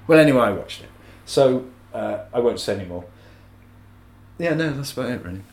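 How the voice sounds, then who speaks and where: A man's voice: medium pitch, lively intonation, brisk, darkish tone, reverberant. Bantering man co-hosting. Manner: banter, self-mocking, teasing. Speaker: podcast co-host. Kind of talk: casual chat.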